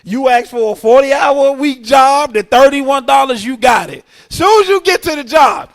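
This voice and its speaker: A male preacher shouts his points in punchy bursts. His voice is very high for a man and swings widely in pitch. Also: sing-song, normal speed. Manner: loud, shouting, punchy delivery. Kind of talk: comedic sermon teaching.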